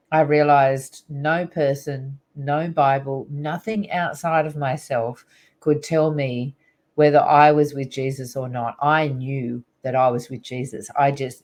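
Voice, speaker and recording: A woman's voice: low voice, darkish tone. A middle-aged woman, a guest on an interview show, earnestly recounting a personal spiritual story in a rambling way with many fillers.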